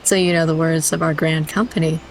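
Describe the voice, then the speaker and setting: A young woman with a lowish voice reads game dialogue aloud during a playthrough. She keeps breaking into giggles mid-sentence, and faint noise sits under the recording. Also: fairly even intonation, fairly quick. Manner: giggly, breaks into laughter while reading. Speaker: game streamer.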